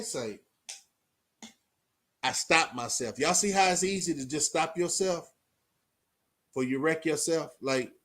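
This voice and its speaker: Talking casually into the camera, this Austin, Texas, vlogger delivers streetwise life lessons, leaning on "man" and "you know what I'm saying" throughout. His slightly high voice comes across pushed and bright.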